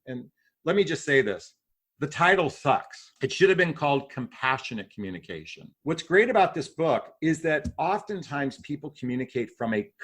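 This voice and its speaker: A middle-aged man, a relationships coach, giving animated advice in a podcast interview and acting out sample lines. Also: mid-range voice. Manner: animated, acts out sample dialogue in voices. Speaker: dating and relationships coach, guest.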